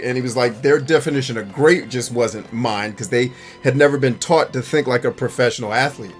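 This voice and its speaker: A man's voice: mid-range voice, fairly quick, hardly any pauses. Blunt, profane streamer man, faint music. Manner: blunt, profane, laughs often, bursts into shouting when acting out scenes. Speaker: streamer and gaming show host. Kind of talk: casual live-stream chat.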